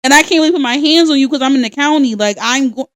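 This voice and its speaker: A young adult woman co-hosting a podcast, telling stories in casual chat with a lively, profane delivery. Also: sits high, fast, no room sound, studio quality. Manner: animated, profane storytelling. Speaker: podcast co-host.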